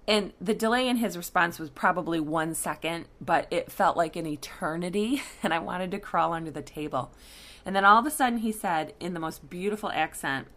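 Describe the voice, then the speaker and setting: A woman's voice: on the low side, a little fast, a bit bright. A woman, working as a coach, tells a candid personal story to her listeners, with fillers and restarts.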